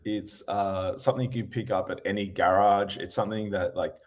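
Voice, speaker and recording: An Australian man co-hosting a sports podcast over a call, talking in a playful, animated way and laughing often. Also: low-pitched, a little fast. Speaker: podcast co-host. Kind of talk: casual sports podcast chat.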